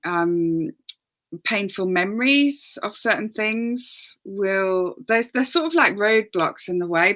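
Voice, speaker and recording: A woman, a guest and oracle card reader, explaining in a relaxed, gentle way with many fillers. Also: medium pitch. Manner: gentle, hesitant with fillers, acts out voices.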